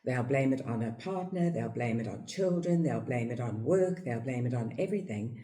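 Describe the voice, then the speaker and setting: Low, mellow-voiced South African woman teacher. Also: moderate pace. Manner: acts out parents' voices in a high, excited tone; repeats phrases for emphasis. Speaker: yoga teacher and speaker. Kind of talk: reflective teaching talk.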